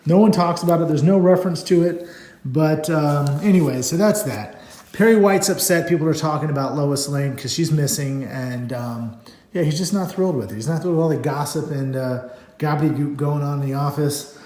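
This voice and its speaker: Middle-aged male comic fan, mellow tone, rambling and upbeat, recorded in a roomy space. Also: fairly high pitch, a little fast. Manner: rambling, enthusiastic, many fillers. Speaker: comic book reviewer. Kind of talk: casual comic book read-through. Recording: echoey room.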